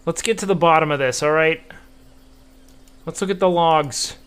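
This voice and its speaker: A man's voice: on the high side, moderate pace, fairly bright tone, clean tone. A young man streaming a game, chatting to viewers casually with profane, playful trash talk. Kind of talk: casual gameplay commentary.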